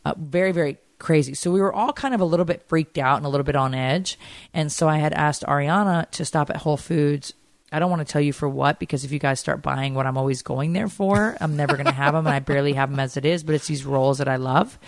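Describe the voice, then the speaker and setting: A middle-aged woman co-hosting a podcast, telling stories in animated, chatty conversation. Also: sits low, fast talker, no room sound. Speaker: podcast co-host. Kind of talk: casual chat.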